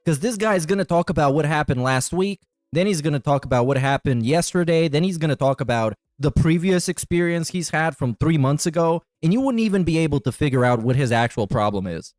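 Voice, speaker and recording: A man's voice: fairly high pitch, animated, brisk, few pauses, a little mellow, no room sound. Blunt, dismissive man, dry close sound. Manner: blunt, dismissive, swears freely. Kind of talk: casual podcast banter.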